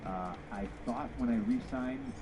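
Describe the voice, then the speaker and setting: A man's voice: medium pitch, measured pace, noisy background. A profane man telling stories. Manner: profane, animated, acts out quoted dialogue. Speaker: interview guest, former pro wrestler. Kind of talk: candid storytelling in an interview. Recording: podcast audio played over loud game gunfire.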